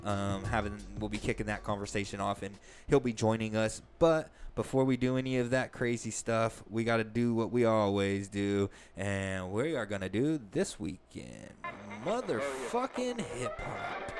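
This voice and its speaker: A man's voice: fairly low pitch, steady tone, moderate pace, hardly any pauses, darkish tone, clean tone. A man hosting a casual podcast who talks in a laid-back, profane way. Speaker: host. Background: hip-hop music playing.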